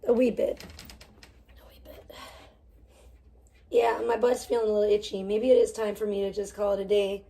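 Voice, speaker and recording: A woman's voice: mid-range voice, flat delivery, fast talker, hardly any pauses, dark tone. A woman live-streaming outdoors from her phone while tanning, chatting casually with rambling, crude jokes and muttering to herself.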